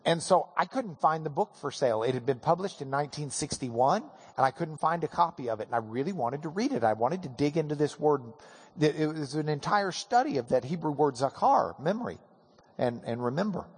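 A man teaching a Bible class, telling an animated, self-deprecating story. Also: a little high, brisk, husky. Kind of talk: storytelling lecture. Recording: hall with long reverb.

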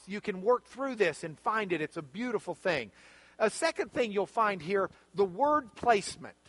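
A man teaching a Bible study lesson, explaining the text with animated, emphatic, repeating phrases. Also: high-pitched, no echo.

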